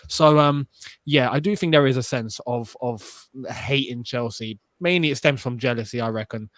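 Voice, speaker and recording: A man's voice: mid-range voice, moderate pace, fairly bright tone, no echo. Emphatic young man, dry sound. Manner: emphatic, opinionated. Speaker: podcast co-host. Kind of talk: casual football chat.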